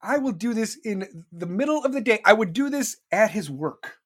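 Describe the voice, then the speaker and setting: Man, podcast host, high-pitched voice, blunt, profane, aggressive rant, repeats himself. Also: expressive, normal speed. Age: adult with children. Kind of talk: blunt ranting monologue.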